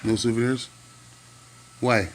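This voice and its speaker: A man's voice: mid-range voice, fairly even intonation, slow pace. A man chatting playfully with his dog, asking teasing questions. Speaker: dog owner. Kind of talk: playful one-sided chat with his dog.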